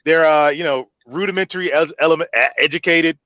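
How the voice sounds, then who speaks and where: A man hosting a podcast, an animated, joking storyteller in casual banter. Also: fairly high pitch, quick pace, dry recording, dull audio. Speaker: podcast host.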